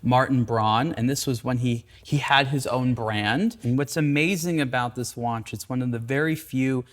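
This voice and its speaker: A man's voice: mid-range voice, moderate pace. Chatty man hosting a watch talk. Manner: thoughtful, enthusiastic, with fillers. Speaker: host, watch editor. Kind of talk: casual conversation.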